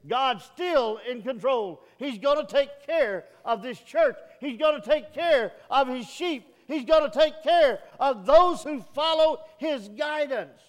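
Middle-aged pastor guy preaching slow, folksy, big ringing church reverb. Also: extremely high pitch, lively intonation. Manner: folksy preacher, swelling emphatic peaks. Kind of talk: sermon. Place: church sanctuary. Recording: long reverb of a church hall.

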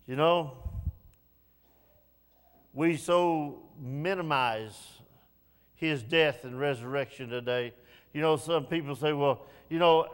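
A man preaching a sermon, dropping to hushed low passages and rising to pleading, raised lines. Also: big-room sound.

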